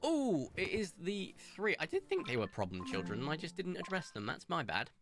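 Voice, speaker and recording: Young male streamer, rambling and animated, lively pitch, soft music underneath. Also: a little fast. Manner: chatty, rambling, animated storytelling. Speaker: game streamer. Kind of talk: casual gameplay commentary.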